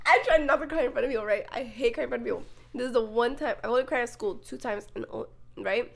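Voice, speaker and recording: A woman's voice: on the high side, fast talker, creaky. A young woman co-hosting a podcast, telling school stories in casual chat, swearing often and filling with "like". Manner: swearing, storytelling with lots of "like". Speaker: podcast co-host.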